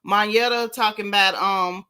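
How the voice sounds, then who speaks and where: A woman's voice: medium pitch, moderate pace, clean tone. A woman hosting a live stream, chatting bluntly and sassily about a reality show and thanking viewers. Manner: sassy, blunt, animated gossip. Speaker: show recap host. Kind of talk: casual live-stream chat.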